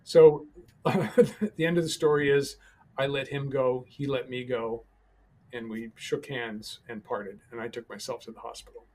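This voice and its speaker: A man, a podcast guest, telling a personal story in a calm, halting way with many pauses and restarts. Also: medium pitch.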